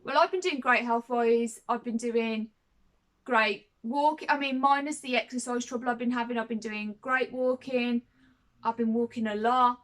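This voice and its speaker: A young woman in her twenties chats to camera in a casual vlog. Her voice sits a little high, and she rambles, circles back over her words and keeps checking in with her viewers. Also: steady tone, normal speed, a bit bright. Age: 20s. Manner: chatty and rambling, repeats herself, often says "you know what I mean". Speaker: vlogger.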